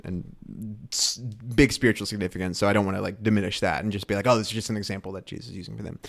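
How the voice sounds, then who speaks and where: A man's voice: on the low side, no room sound, clean studio sound. A man co-hosting a casual Bible discussion, building a question in stops and starts. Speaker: podcast co-host.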